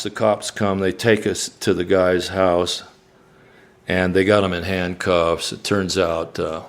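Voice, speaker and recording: Gravelly low-voiced man telling stories live. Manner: animated storyteller, acts out quoted voices. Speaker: singer-songwriter guest. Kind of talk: live onstage storytelling. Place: live event stage.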